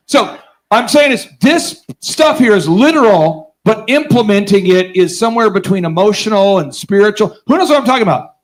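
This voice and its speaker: A man's voice: high-pitched, fast talker. A man hosting a business conference, telling a story with sarcasm and energy, acting out the voices and quizzing the audience. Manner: energetic, sarcastic, acts out voices in his stories. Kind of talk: live seminar storytelling to an audience.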